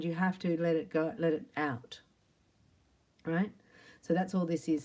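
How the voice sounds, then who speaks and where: Chatty woman tarot reader with mellow voice. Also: on the low side. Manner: chatty, animated, acts out imagined quotes. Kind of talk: tarot reading monologue.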